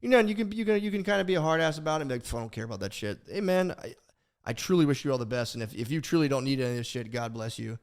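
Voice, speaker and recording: A young man co-hosting a podcast, telling a long rambling story in casual talk, profane and animated, with many restarts. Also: on the high side, rapid-fire. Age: young adult. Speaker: podcast co-host.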